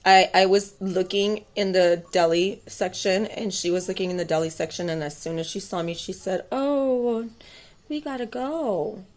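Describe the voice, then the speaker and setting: A woman's voice: fairly low pitch, little pitch movement, normal speed, few pauses. A woman, mother of two, telling a personal story to camera in a rambling, intense way, with many fillers and a defiant tone. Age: adult, mother of two boys. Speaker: tarot vlogger.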